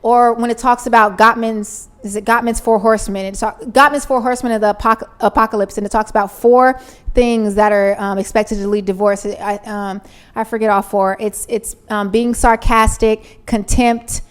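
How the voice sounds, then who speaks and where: A young woman in her twenties talks in a relaxed podcast chat. She explains her points earnestly, often restarting her sentences, and her voice sits a little high. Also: normal speed, clean tone. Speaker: podcast co-host. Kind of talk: casual chat.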